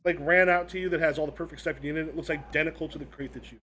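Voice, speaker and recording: Rambling man game master, higher voice. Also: steady tone, rapid-fire, sharp tone, slight background noise. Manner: rambling, many restarts and fillers. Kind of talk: narrating a tabletop game.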